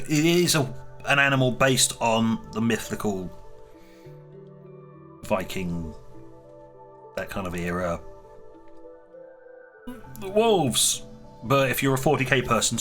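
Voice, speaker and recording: A man tells the story of his strategy game colony in a rambling, playful way. His voice is bright and lively, and the pitch swings freely. He takes his time. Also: takes it slowly, long pauses, soft background music. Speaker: let's play narrator. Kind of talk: in-character narration of a strategy game.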